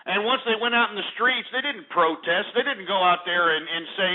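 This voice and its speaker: A man's voice: high voice, a little fast, few pauses. A man hosting a talk radio show, ranting in an angry, profane, sarcastic way. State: out of breath. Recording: tinny phone-like radio recording.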